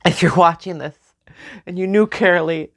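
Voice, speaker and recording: A young woman speaking slowly and tearfully in a personal memorial vlog, with soft nervous laughs. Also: fairly low pitch, creaky. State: crying. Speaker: vlogger.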